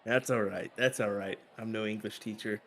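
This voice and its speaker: Male darts co-commentator, Kansas accent, relaxed and steady. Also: fairly low pitch, moderate pace. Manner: easygoing, steady, with filler words. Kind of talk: live sports commentary.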